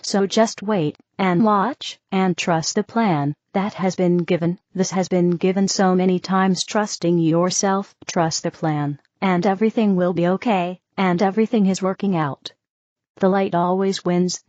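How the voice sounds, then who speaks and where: A woman's voice: lowish voice, fairly even intonation, unhurried, a little mellow, dry recording, close to an everyday voice. A woman voicing a serene, reassuring female spirit teacher who keeps saying "you see", in a dull, dry recording. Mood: soothing.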